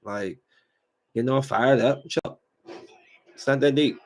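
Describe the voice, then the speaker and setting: On his own podcast, a father with a mid-range voice rants casually, speaking a little slowly. The delivery is animated, with lots of "like," other fillers, and phrases he keeps repeating.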